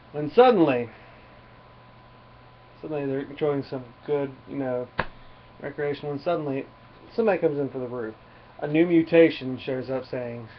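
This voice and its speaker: A man's voice: medium pitch, slight background noise. Rambling man in a lo-fi review. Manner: rambling plot retelling with many fillers. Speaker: comic book reviewer. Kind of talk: casual spoken review.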